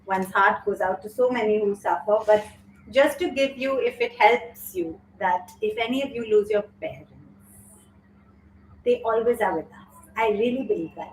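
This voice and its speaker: A woman's voice: medium pitch, slight background noise. Teary woman host in a roomy room. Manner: heartfelt, reads out viewer comments. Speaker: yoga teacher and show host. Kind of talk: live-streamed yoga class chat. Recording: roomy echo, distant mic, faint ambience.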